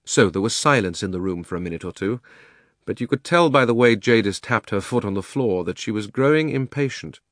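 A man reads a storybook aloud in a measured, expressive way. His voice sits somewhat low, and the recording is dry with no room sound. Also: no room sound. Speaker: narrator. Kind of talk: storybook narration.

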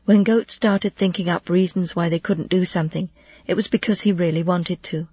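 An audiobook narrator telling a children's novel in a steady storytelling voice, now and then lightly voicing the characters. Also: mid-range voice, normal speed, slightly rough, dry recording. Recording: dull, dry lo-fi recording.

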